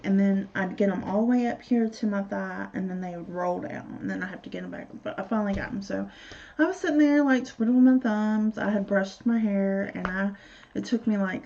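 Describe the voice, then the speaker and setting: Casual vlog voice: young woman, gravelly and mellow tone, blunt and rambling, lo-fi sound. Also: mid-range voice. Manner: candid, profane, rambling. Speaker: vlogger. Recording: dull lo-fi recording.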